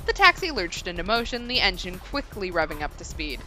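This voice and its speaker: A woman streamer reading a visual novel aloud, expressive and quick to laugh. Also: lowish voice, faint music behind. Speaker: streamer, co-host.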